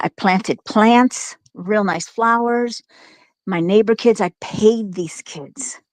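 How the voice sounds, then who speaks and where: A middle-aged woman in easy, chatty conversation, her voice sitting at an ordinary pitch. She tells a story with frequent laughter and plenty of false starts. The sound is close and dry, with no room echo. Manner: chatty, laughs often, lots of restarts. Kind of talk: casual storytelling chat.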